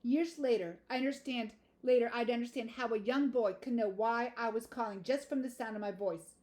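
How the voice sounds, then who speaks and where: Woman reading a memoir-style audiobook, a little high, even and measured. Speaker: audiobook narrator. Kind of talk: first-person audiobook narration.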